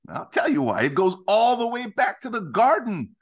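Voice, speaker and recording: A man's voice: high-pitched, normal speed, hardly any pauses. Emphatic, preacherly middle-aged man. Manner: emphatic, animated storytelling. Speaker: ministry founder, guest. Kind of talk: conversational podcast interview, preacherly.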